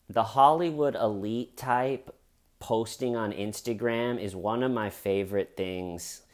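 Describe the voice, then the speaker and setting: A man giving comedic true crime commentary in a sarcastic, jokey way. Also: on the low side.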